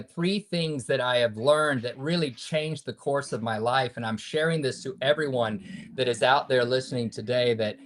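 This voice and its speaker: Earnest and almost preacherly, a podcast guest in his fifties recounts a personal story, his volume shifting from loud to hushed. He speaks at a medium pitch.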